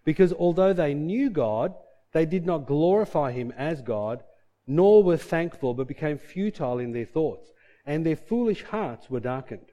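Earnest preacher, mellow voice. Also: male voice, fairly high pitch, moderate pace, highs cut off. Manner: earnest, conversational, animated storytelling. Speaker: pastor. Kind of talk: sermon with Bible reading and personal story.

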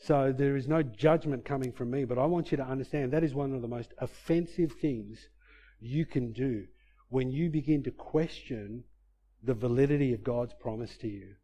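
A man preaching a sermon, swinging between loud emphatic bursts and quiet, low asides as he retells scripture and his own story. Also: moderate pace.

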